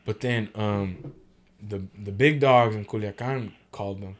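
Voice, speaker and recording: A man's voice: on the low side, measured pace. A man guest on a podcast telling travel stories in casual slangy talk, swearing freely and acting out what people said. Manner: slangy and profane, acts out quotes in animated voices. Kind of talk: casual storytelling chat.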